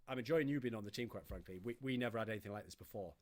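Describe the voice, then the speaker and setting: A man co-hosting an esports podcast, talking in an animated, rambling, self-mocking way. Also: medium pitch, racing. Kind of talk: casual chat.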